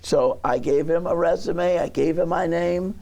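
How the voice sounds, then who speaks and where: A man rambles as a talk show guest in a TV studio, stopping and restarting as he hunts for words. His voice is gravelly with fry and sits a bit high for a man. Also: mellow. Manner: halting, searching for words, many restarts.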